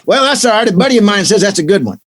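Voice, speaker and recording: A man's voice: sits high, animated, rapid-fire, pitched above the performer's own voice. A man putting on a dim folksy Texan buyer. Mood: folksy eager. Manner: folksy, drawling, carefree. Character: dim-witted male Texan stock buyer.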